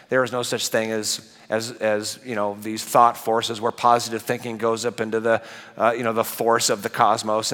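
Animated male pastor preaching in a reverberant hall. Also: on the low side. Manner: conversational, animated, asks the congregation questions. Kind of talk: sermon. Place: church sanctuary.

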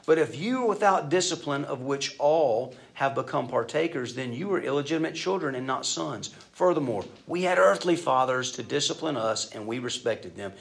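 A middle-aged man preaching a sermon, telling stories and shifting between loud emphatic bursts and soft asides. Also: medium pitch, lively intonation, moderate pace, gravelly, few pauses. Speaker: pastor.

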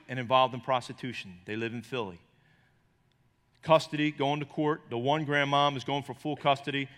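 A middle-aged man preaching a sermon as pastor, swinging from loud high emphasis to low quiet storytelling. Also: long reverb tail. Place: church.

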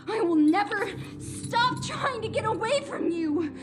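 An actress playing a defiant young princess trapped for years, pleading through tears in a film clip. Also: female voice, very high voice, expressive, measured pace. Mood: desperate defiance. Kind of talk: animated film dialogue. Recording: film clip with loud music behind.

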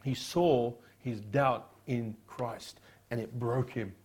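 A man preaching a sermon as a pastor, firing rhetorical questions and dropping quiet on solemn points. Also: medium pitch, fairly even intonation, slow pace, slight background noise.

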